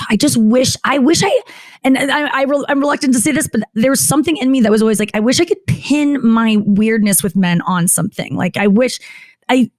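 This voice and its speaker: Rambling, candid woman comedian, slightly high voice. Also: no echo. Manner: rambling, frequent "like", self-interrupting; acts out quoted voices with jumps in pitch. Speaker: guest comedian. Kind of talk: candid podcast interview.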